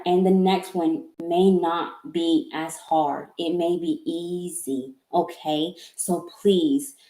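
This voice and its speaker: A woman's voice: lowish voice, mellow. A woman giving a live-streamed tarot reading. She stammers and repeats words, and she sounds apologetic and emotional. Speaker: tarot reader. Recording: echoey room.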